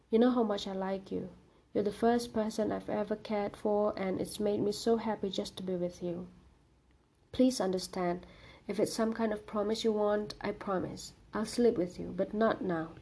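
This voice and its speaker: A woman's voice: medium pitch, mellow, breathy edge. A woman voicing a frightened young woman student who is anxious and tearful, in a storybook reading. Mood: pleading.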